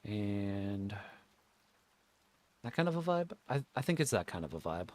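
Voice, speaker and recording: A man's voice: fairly low pitch, very animated, unhurried, a little mellow. A man streaming a game in casual chat, talking to his viewers and reading game text aloud. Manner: chatty, talks to chat and reads game text.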